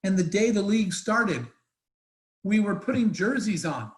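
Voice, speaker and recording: A man's voice: high voice, lively intonation, normal speed, reverberant, rough recording. A man telling an emotional story as a guest speaker in an online Q&A, earnest and rambling with restarts, over a video call.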